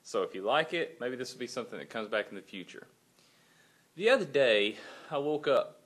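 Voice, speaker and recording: In a casual vlog, a dad and church volunteer relives a night without sleep, animatedly re-performing the things he said. He speaks a little fast in a mid-range, slightly bright voice with lively intonation.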